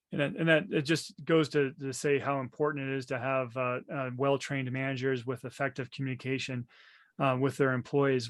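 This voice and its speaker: A man hosting a podcast interview, affirming his guest and stumbling a little over fillers. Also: medium pitch. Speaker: podcast host.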